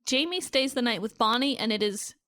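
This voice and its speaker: A woman's voice: a little high, lively intonation, fairly quick, bright, forceful tone, no echo, studio quality. A woman co-hosting a podcast, recapping a TV episode in narrative runs and swearing casually. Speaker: podcast co-host.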